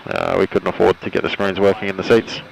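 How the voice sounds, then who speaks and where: A man's voice: low voice, little pitch movement, quick pace, vocal fry, slight background noise, poor audio. A man in a flight sim crew making a joking imitation of an airline pilot's announcement to passengers. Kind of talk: mock airline cabin announcement.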